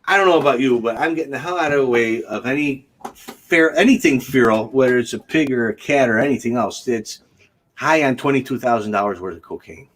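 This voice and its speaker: A man's voice: medium pitch, a little fast, slight background noise. A man hosting a casual livestream chat, joking and chatty and laughing often. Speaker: host.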